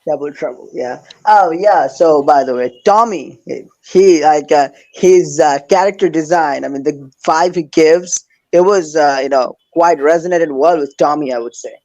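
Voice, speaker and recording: Hesitant, eager man with a higher voice. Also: moderate pace, few pauses, a little mellow, poor audio. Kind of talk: casual chat.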